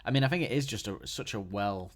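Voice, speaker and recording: Low-voiced rambling podcast host, man. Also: quick pace. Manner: enthusiastic, rambling, frequent restarts. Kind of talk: casual solo podcast chat.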